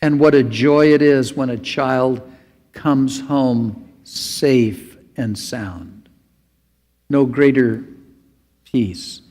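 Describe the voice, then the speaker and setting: A man's voice: medium pitch, extremely slow, a little mellow, in a large hall. A man preaching a sermon as pastor, earnest and pleading.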